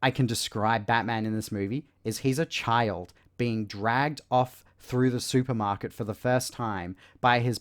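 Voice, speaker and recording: A man talking through a film review in a loose, unscripted way. He sounds fed up and sarcastic, and his pitch sits in an ordinary middle range. He fills his sentences with casual asides. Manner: exasperated, sarcastic critique with many fillers.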